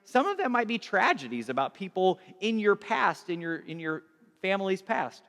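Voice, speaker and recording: A man delivers a relaxed storytelling sermon with a fairly high voice. He talks conversationally, doubling back on words and poking fun at himself. The sound carries a long reverb from a large hall. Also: normal speed. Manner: conversational, self-deprecating, repeats and restarts. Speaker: pastor.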